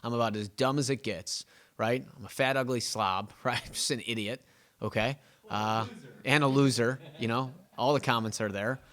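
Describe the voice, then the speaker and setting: A man's voice: mid-range voice, steady tone, a little fast, fairly bright tone. A man hosting a real estate podcast, talking in a rambling, self-mocking way and acting out his clients' questions. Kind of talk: casual podcast monologue.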